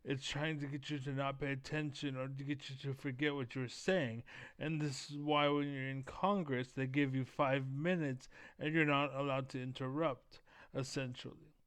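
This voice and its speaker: A man's voice: mid-range voice, fairly even intonation, moderate pace, fairly bright tone, clean tone, no room sound. A man giving heated, profane commentary while reacting to a video, keyed up and leaning on fillers like "basically.". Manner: profane, blunt, many fillers like 'basically'. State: keyed up, energetic.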